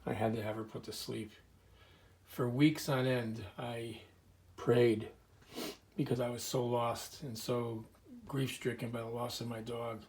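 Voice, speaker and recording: Man, mid-pitched, earnest, rambling anecdotes, clears throat often, small indoor room. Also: flat delivery, measured pace, darkish tone. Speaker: museum curator telling stories. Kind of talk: casual storytelling to camera.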